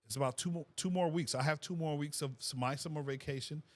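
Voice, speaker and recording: A middle-aged man, a fifth grade teacher, hosting a casual livestream and reading viewers' comments aloud in a relaxed way, repeating phrases and laughing often. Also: on the high side, fast talker. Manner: laid-back, repeats himself, frequent laughs.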